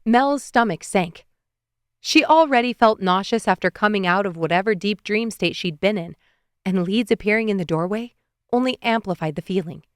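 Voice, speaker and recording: A woman narrating an audiobook in an even, expressive reading on a close studio mic. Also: mid-range voice, normal speed, clean tone, no room sound.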